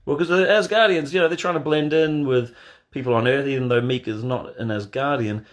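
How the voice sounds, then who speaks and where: A man hosting a casual live watch party from bed, answering chat questions in a deadpan, joking way. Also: mid-range voice, a little fast. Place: in bed at home. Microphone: phone.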